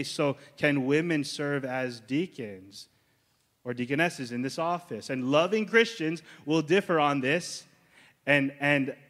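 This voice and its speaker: A man's voice: a little high, a bit bright, big-room sound. A male pastor teaching a sermon in a conversational way, often checking in with the congregation.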